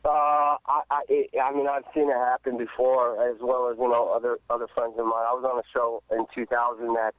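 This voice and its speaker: A man's voice: medium pitch, flat delivery, brisk, hardly any pauses, no echo. A man who is an actor, answering interview questions in a rambling, casual way with many restarts and fillers. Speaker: actor guest. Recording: dry tinny phone line.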